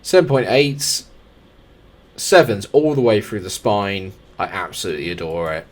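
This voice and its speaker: A young man commentating his own football management game, excitable play-by-play mixed with chatty asides to the players. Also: lowish voice, moderate pace. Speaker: gaming YouTuber. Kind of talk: live football sim commentary.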